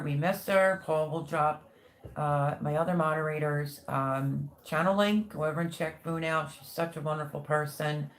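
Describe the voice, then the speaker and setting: A woman hosting a casual livestream, chatting and reading viewer comments aloud with warm, gushing thanks. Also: low voice. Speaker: livestream host.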